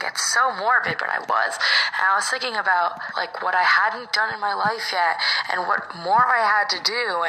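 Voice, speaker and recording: A woman telling a personal story in a hushed, often half-whispered, dramatic way. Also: mid-range voice, vocal fry, low-quality recording. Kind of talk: storytime narration.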